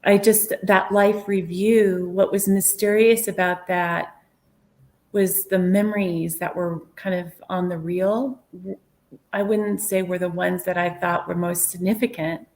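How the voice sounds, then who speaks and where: A woman's voice: fairly low pitch, fairly even intonation, measured pace, a little mellow. A woman guest on a podcast, telling a personal story in an earnest, reflective way, sometimes dropping to a whisper. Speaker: guest medium sharing a near-death experience. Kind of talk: storytelling in an interview.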